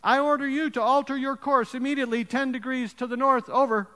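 Calm polite young sailor, won't budge, preacher doing him, highish voice. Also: male voice, a little fast, smooth, in a large hall. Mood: calm firm. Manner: polite, steady, firm. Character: calm, unbending young male lighthouse keeper.

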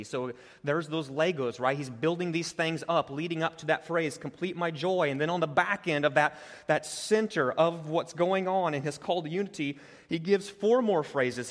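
A man preaching a sermon as pastor. He speaks earnestly and builds emphasis, rising in pitch and force as he presses each point. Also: moderate pace. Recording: long reverb of a large hall.

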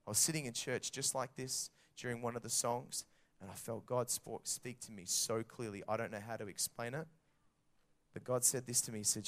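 A man shares his faith story in a lively, storytelling way. His voice has a gravelly, creaky edge. He acts out the voices he quotes as he goes. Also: medium pitch, normal speed. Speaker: children's music minister. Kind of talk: testimony talk.

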